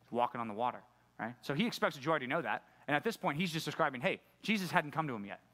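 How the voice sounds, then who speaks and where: Man, middle-aged pastor, slightly high voice, chatty sermon, asks the room questions. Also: animated, racing, sharp tone. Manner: conversational preaching, asks the audience questions.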